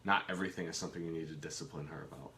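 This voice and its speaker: A very deep, sharp-toned voice races along with fairly even intonation as this man co-hosts a live Q and A from his kitchen. He rambles and jokes, trailing off and restarting.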